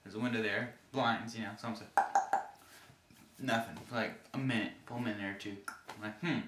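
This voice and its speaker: A man casually telling stories to the camera in an animated way, acting out the people he met. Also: on the low side, a little fast, roomy sound, a little hiss or hum.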